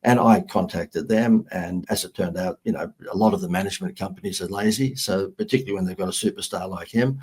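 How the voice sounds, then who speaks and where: Husky older Australian man telling stories. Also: deep voice, fast talker, hardly any pauses. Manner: animated, anecdotal, self-mocking. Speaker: marketing guest. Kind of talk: podcast interview storytelling.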